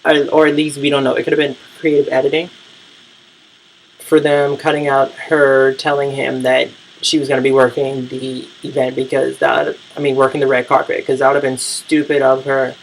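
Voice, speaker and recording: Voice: mid-range voice, flat delivery, moderate pace, gravelly, a little hiss or hum, poor audio. A vlogger giving a casual, profane, rambling recap of the week's TV shows, full of fillers and blunt opinions.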